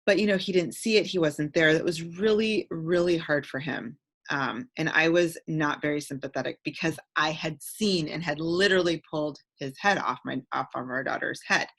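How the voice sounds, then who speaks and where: A woman's voice: sits low, normal speed, a bit bright. A middle-aged woman from the American Midwest tells a personal story with many fillers, rambling and getting emotional. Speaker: community call participant.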